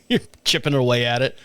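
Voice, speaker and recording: A middle-aged man telling a story casually on his podcast, animated and laughing often, with some swearing. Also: mid-range voice, normal speed, dry recording. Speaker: podcast host. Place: home studio.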